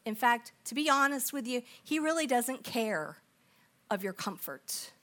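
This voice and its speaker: A middle-aged woman preaching a storytelling sermon, animated and acting out the people in her story, then dropping to soft, intense tones. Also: fairly high pitch, measured pace. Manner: animated, acts out quoted voices, drops to soft intense tones.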